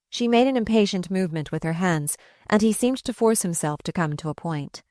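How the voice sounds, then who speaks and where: A woman narrating a novel aloud in a measured, subdued reading voice. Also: lowish voice, darkish tone, no room sound, clean studio sound. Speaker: audiobook narrator. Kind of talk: scripted narration.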